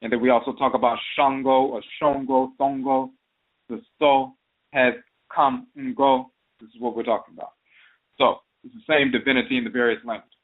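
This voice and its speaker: A man's voice: mid-range voice, flat delivery, moderate pace. A man hosting an internet radio talk show, explaining terms methodically in a lecture style, listing one variant after another. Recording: phone-line audio.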